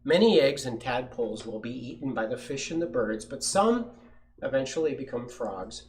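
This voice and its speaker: A man's voice: medium pitch, moderate pace. A man at a science center reading a picture book aloud to children and asking them questions. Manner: lively storyteller, asks kids questions.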